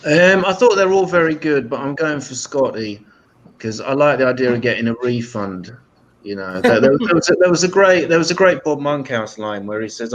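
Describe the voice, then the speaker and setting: A man's voice: mid-range voice, expressive, normal speed, slight background noise. A man casually giving his vote, repeating himself as he starts his sentences. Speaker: comedian voting. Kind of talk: casual chat. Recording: dull lo-fi call audio.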